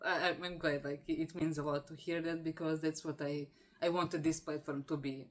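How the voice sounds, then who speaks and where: A young woman from Croatia, hosting a casual video-call interview, warm and effusive with many fillers and laughs. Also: sits low, level tone, normal speed. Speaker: podcast host.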